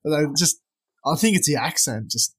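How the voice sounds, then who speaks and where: Chill young aussie bloke rambling on a podcast, casual. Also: male voice, fairly high pitch, expressive, fairly quick, a bit bright, breathy edge. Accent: Australian. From Australia. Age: young adult. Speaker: podcast co-host. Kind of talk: casual banter.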